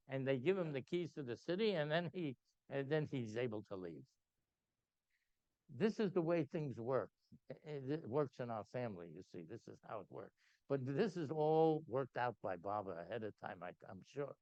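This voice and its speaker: An older man telling a lively anecdote at a gathering, acting out voices and laughing often. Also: normal speed, dry recording. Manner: animated anecdote teller, acts out quotes, laughs often. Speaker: speaker at a spiritual gathering. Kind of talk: storytelling talk. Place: meeting hall. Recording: dull low-fidelity sound, dry.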